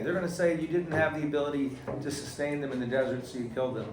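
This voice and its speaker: Animated man teaching a class in an echoey room. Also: a little high, fast talker, hardly any pauses, a little hiss or hum. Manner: animated, asks the class questions, acts out quotes loudly. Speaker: Torah teacher. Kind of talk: classroom Torah lesson. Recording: echoey room, mic far off.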